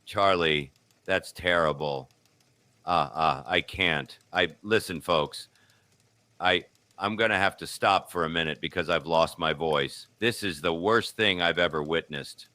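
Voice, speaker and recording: Man doing a frantic 1930s radio reporter, very low voice, sharp bright tone, dry sound. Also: measured pace, no echo. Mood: distraught. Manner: breathless, sobbing, overwhelmed. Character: frantic male radio reporter at an airship disaster. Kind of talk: 1930s radio news reenactment.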